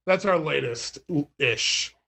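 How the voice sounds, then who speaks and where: A man's voice: on the high side, slow pace, vocal fry, bright, forceful tone, slightly rough. A man in casual interview chat, talking about running his record label, rambling with many fillers, restarts and laughs. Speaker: label owner and music writer.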